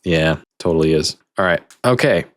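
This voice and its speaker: A man running a tabletop game session as game master, explaining rules in a relaxed, friendly way with frequent fillers. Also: rumbling low, moderate pace, a little hiss or hum.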